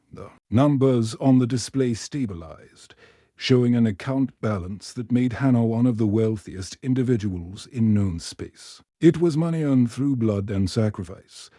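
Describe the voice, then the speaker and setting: A man reading a story aloud in calm, measured scripted narration. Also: mid-range voice, dry recording, studio quality.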